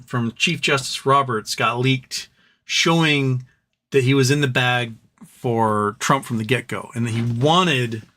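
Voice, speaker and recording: A man in his forties hosts a casual live stream and reads out viewer questions. He answers in a loose, rambling way, blunt and full of opinion, stumbling through restarts and fillers. His voice sits at an ordinary mid pitch. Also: a bit bright. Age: 40s. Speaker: livestream host reading viewer questions.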